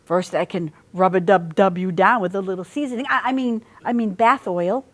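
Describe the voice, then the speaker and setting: A woman's voice: medium pitch, normal speed, natural voice. A woman voicing a sly, hungry male wolf villain with an oily, teasing menace in a storybook reading.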